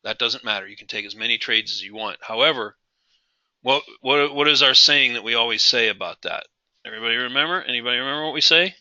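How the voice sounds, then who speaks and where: A man's voice: mid-range voice, quick pace, pushed and bright, dry recording, dull audio. A man teaching a live trading class, emphatic, repeating key phrases and asking his audience questions. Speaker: trading instructor.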